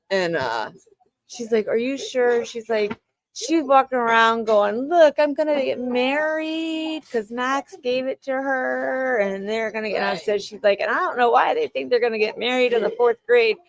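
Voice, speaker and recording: A woman in her thirties rambles through a personal story on her livestream, switching into the voices of the people she quotes. Her voice has a gravelly, creaky texture at a middle pitch. The sound is dry and close, with almost no room around it. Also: dry recording, low-quality recording. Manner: rambling anecdote told with quoted back-and-forth dialogue. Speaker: livestream host. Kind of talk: casual storytelling chat.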